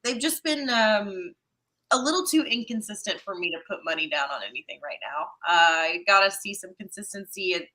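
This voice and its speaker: A woman co-hosting a casual sports roundtable, giving measured opinions with thinking pauses. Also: mid-range voice, animated, sharp tone, low-quality recording. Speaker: podcast co-host.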